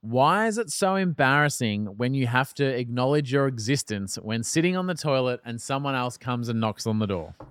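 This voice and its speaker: A man with a mid-pitched voice, co-hosting a podcast in casual chat. He reads listener questions and throws in dry, teasing jokes. The recording is close and dry. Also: expressive, moderate pace, few pauses, a bit bright, clear, resonant tone, no room sound. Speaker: podcast co-host.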